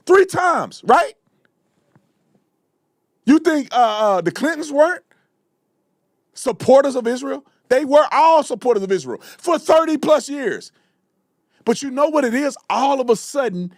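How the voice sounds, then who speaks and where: A man hosting a live commentary show, delivering a fiery, repetitive rant that sometimes breaks into shouting. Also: very high voice, dry recording, studio quality. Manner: fiery, ranting, repeats himself, shouts at times. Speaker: show host. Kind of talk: heated live political commentary.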